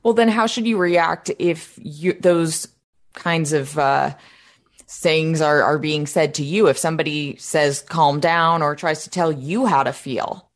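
A woman's voice: low voice, fairly even intonation, measured pace. A woman co-hosting an interview, asking questions and searching for her words with small restarts.

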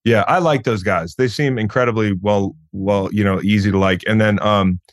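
A man's voice: fairly low pitch, moderate pace, no echo, clean studio sound. A man guesting on a podcast, chatting in a laid-back way, swearing and saying "dude" a lot. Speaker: podcast guest, former football player. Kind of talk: casual chat.

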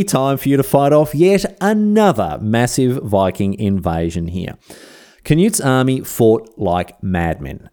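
Aussie guy yarning about history, slangy and chatty, warm mellow voice. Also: medium pitch. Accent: Australian. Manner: chatty, slangy, animated storytelling. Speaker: history podcast host. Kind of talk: casual history narration.

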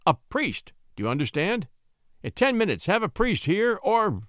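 A man's voice: high-pitched, very animated, moderate pace, a bit bright, no echo, pitched above the performer's own voice. A haughty, venomous old-world marquis barks orders and sneers at everyone around him, as a male narrator puts him on. His voice swoops wildly up and down, with a dry, close sound. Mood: commanding. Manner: sneering, commanding. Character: arrogant cruel French noble marquis, sneering.

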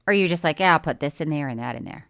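A middle-aged woman co-hosting a podcast in casual chat, playful and quick to laugh. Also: low voice, a bit bright, dry recording, studio quality. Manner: playful, laughs often, sings snatches of songs. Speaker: podcast co-host.

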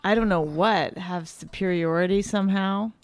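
Smooth-voiced woman needling her husband. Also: mid-range voice, moderate pace, no echo. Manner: teasing, mimics her husband in exaggerated voices. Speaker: wife. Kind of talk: casual couple argument.

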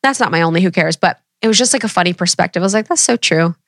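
A woman's voice: on the low side, racing, dry recording, clean studio sound. A woman in her thirties chatting candidly with her viewers, casual and swearing freely. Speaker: vlogger.

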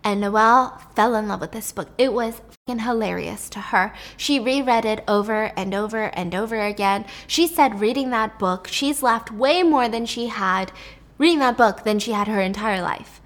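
A woman's voice: fairly high pitch, normal speed. A woman telling a story to a friend in a chatty, casual way, swearing and checking in with questions. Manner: chatty, profane, asks the listener questions.

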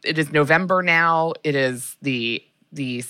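Her voice sits low and sounds pushed, bright, and smooth as she talks without hurrying, captured in a dry studio-quality recording. Co-hosting a podcast, she chats casually and tells wandering stories loaded with filler words.

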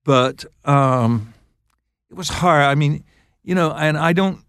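An older man, a songwriter guest on an interview show, telling stories in a halting, laughing way. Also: a little high, a bit bright, clear, resonant tone, no echo, clean studio sound. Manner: halting, restarts phrases, laughs while telling. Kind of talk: casual storytelling interview.

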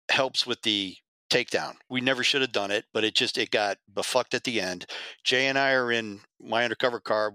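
A middle-aged man with a bright, forceful voice, recounting his undercover days in a lively, profane way. He acts out the people he quotes. The sound is close and dry. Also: mid-range voice, dry recording. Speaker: guest, former undercover federal agent. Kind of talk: casual storytelling.

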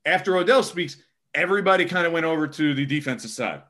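Sports reporter, male, bright and forceful delivery, casual, filler-heavy storytelling. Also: fairly high pitch, fast. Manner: rambling, lots of fillers.

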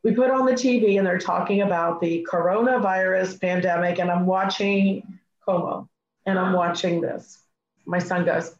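Middle-aged woman telling a lively story. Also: lowish voice, normal speed. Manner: animated, acts out her own past dialogue. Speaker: guest speaker. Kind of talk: personal storytelling. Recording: echoey, slightly muffled recording.

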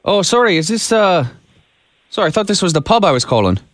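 A man's voice: high-pitched, very animated, a little fast, no echo, studio quality. A man putting on an Irish accent, playing a rambling prank caller searching for a relative. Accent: put-on Irish. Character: fake Irish man hunting his brother-in-law.

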